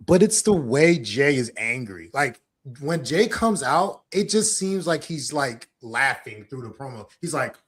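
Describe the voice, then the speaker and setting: A man co-hosting a wrestling podcast, blunt and animated, breaking into quick impressions as he rants. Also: mid-range voice, husky. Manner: blunt, animated, mimics wrestlers mid-rant. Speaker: podcast co-host. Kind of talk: casual wrestling chat.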